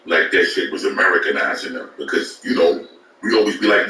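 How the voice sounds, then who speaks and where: A man's voice: low voice, lively intonation, a little fast, pushed and bright, echoey room, far from the mic, low-quality recording. A man from Brooklyn, telling a long, profane, rambling story as a guest. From Brooklyn, New York. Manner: profane, rambling, repeats words at restarts. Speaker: guest rapper. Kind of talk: casual storytelling.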